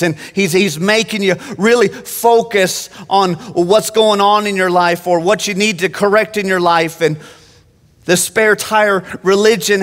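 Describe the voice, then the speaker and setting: A man preaching an animated sermon from the pulpit, often restarting his phrases. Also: sits high. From Phoenix. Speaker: pastor. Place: church sanctuary. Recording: long church-hall reverb.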